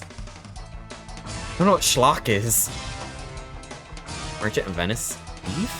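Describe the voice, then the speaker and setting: Excitable young male streamer, swooping voice. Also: lowish voice, slow pace, long pauses, faint music behind. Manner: excitable, thinks aloud, reacts in bursts. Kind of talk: live-stream gameplay commentary.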